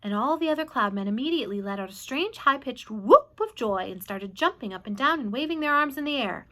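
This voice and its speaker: Female storyteller, high voice, expressive read-aloud. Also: fairly quick. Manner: animated, expressive. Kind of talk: reading a children's book aloud.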